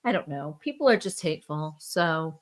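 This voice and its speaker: A woman's voice: sits low, expressive, normal speed, background noise. A middle-aged woman co-hosting a casual chat, earnest and plain-spoken, disapproving of jokes. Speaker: co-host, host's mother.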